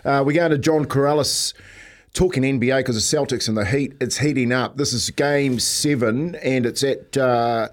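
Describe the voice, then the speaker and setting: A New Zealand man hosting breakfast radio, talking loosely and laughing through his own stories. His pitch sits in an ordinary middle range. He rambles with restarts and a friendly "mate" here and there. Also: moderate pace. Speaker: radio host. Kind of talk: casual breakfast radio chat.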